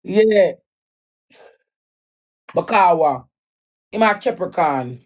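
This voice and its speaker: A woman's voice: lowish voice, expressive, brisk. A Jamaican woman telling an emotional personal story in a raw, emphatic way, often repeating her lines. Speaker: livestreamer.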